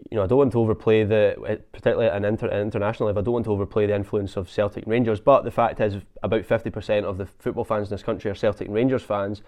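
Mellow low-voiced Scottish man. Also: fairly even intonation. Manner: halting, many restarts and repeated words. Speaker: podcast host. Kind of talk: casual football podcast chat.

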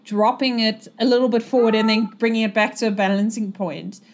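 A woman running a tabletop game as game master, describing the scene in a relaxed way with many fillers. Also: fairly high pitch, fairly quick, slight background noise.

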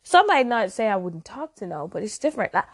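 A young woman from Jamaica hosts a solo podcast in an easy, conversational tone. Her talk meanders and turns reflective, and she often stops to correct her own words mid-thought. Her pitch sits in the middle range for a woman. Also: very animated, brisk. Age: early 20s. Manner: rambling, reflective, self-correcting. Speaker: podcast host. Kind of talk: casual solo podcast monologue.

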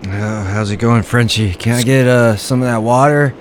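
A man's voice: medium pitch, steady tone, normal speed, slight background noise. A man improvising a game role-play in a thick put-on frontier drawl, joking around. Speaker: player roleplaying a character.

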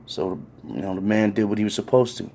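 A man's voice: lowish voice, fairly even intonation, a little fast, warm tone. A man telling a story from his own life in a casual, conversational way, wry and full of swearing.

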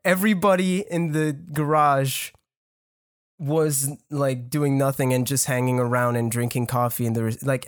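A man's voice: mid-range voice, no room sound, clean studio sound. A young man in his early twenties with a French accent, telling a story casually with lots of swearing and restarts. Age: young adult. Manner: rambling, swearing, laughing, restarts. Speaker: storyteller guest.

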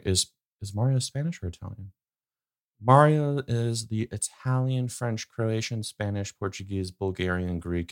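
A young man hosting a casual solo podcast, rambling and opinionated, with lots of fillers. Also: low voice. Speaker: podcast host.

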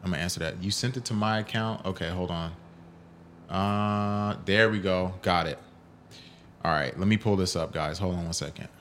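A man's voice: low-pitched, normal speed, a bit bright, a little hiss or hum. A man hosting a solo podcast on fighting sports, reading chat and ranting in a heated, profane way. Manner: heated, profane ranting, voice rising when upset. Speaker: podcast host. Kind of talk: solo MMA podcast, reacting to chat and clips.

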